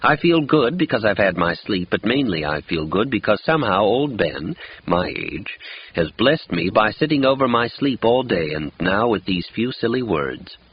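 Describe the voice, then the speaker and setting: A man's voice: fairly low pitch, big pitch swings, moderate pace, slightly rough. A man narrating an audiobook in a wistful, lyrical first-person telling. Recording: dull lo-fi audiobook recording.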